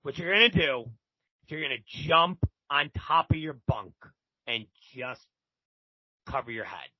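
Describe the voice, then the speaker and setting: A seasoned male inmate, as a man retells him lays out the facts calmly, an old hand. The sound is dull and dry. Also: on the high side, a little slow, no echo, voice pushed down. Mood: explaining. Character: seasoned male prison inmate, matter-of-fact.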